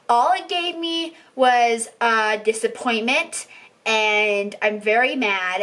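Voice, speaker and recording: Fed-up woman book vlogger with a fairly high voice, ranting and repeating herself. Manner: exasperated, repeats herself, swings loud and soft. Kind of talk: ranting book review vlog.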